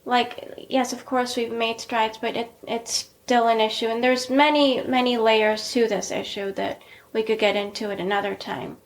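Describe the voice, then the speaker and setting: Woman podcast host in her forties, fairly high-pitched, chatty and encouraging. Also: fairly even intonation, moderate pace. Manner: chatty, encouraging, laughs easily. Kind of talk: casual chat.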